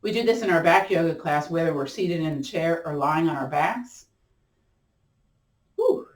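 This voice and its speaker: A woman instructor leading a gentle chair yoga class, chatty and playful, often laughing and encouraging. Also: sits low, brisk, recorded from a distance. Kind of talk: guided exercise class. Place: room at home. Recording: roomy sound from off-mic.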